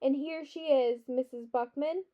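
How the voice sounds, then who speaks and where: A woman voicing a solemn, wordy young boy from a storybook, speaking gently, on a dull lo-fi recording. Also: high voice, animated, unhurried. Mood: gentle. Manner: earnest, gentle.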